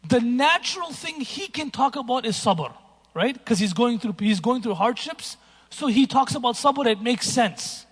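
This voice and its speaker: A man giving a sermon, telling stories in a lively way that moves between hushed moments and emphatic ones. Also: extremely high pitch, normal speed, slightly rough. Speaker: preacher. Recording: long hall reverb.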